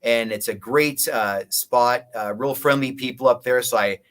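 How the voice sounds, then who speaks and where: A man with a mid-range, fairly bright voice speaks at a moderate pace. He's a guest musician in a casual interview, rambling through long stories and restarting often.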